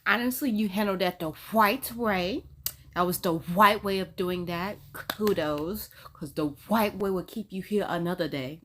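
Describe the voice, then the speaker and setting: A woman talks back to the stories she watches in a casual, sassy commentary voice. She is expressive and laughs easily, and her voice sits at an ordinary middle pitch. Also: a little slow. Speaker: reaction video host.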